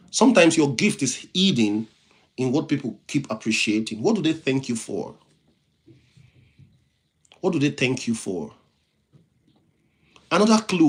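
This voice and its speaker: A man with a non-native English accent hosting a motivational livestream, preaching in repeated phrases and thanking viewers by name. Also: mid-range voice. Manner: reads viewer comments and thanks them by name. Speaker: livestream host, motivational speaker.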